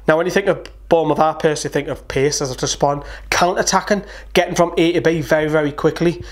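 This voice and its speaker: Geordie football fan host, chatty and opinionated, slightly higher voice, casual preview chat. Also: male voice. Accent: Newcastle (Geordie). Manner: chatty, opinionated, quick asides. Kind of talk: casual match preview to camera.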